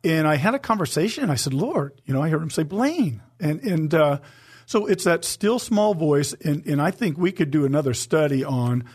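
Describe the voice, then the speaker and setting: A man co-hosting a Christian talk show, giving an earnest, emotional personal testimony and slowing down to stress his points. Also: fairly high pitch, animated, breathy edge. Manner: earnest, emotional, slows for emphasis.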